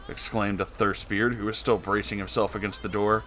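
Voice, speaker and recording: A man's voice: on the low side, level tone, normal speed, few pauses, a bit bright, slight background noise. A man reading a storybook tale aloud in a theatrical narrating manner. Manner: theatrical, switches into voices for characters. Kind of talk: dramatic storybook reading with character voices.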